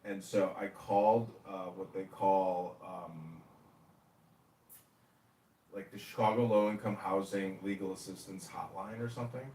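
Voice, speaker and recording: A man telling rambling stories in casual chat, animated and profane, acting out the people he quotes. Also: deep voice, unhurried. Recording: echoey room, distant from mic, faint noise.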